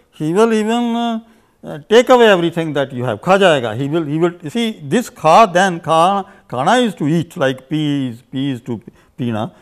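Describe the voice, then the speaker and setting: A man teaching a grammar lesson, explaining at length with many "you see"s and "uh"s, repeating examples. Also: high voice. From India. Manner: repeats example phrases in two languages. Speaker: language teacher. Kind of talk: unscripted grammar lecture.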